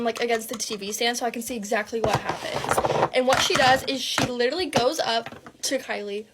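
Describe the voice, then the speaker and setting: A young adult woman vlogger telling a dramatic personal story, animated and breathless, with lots of fillers and swearing. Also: fairly high pitch, a little hiss or hum.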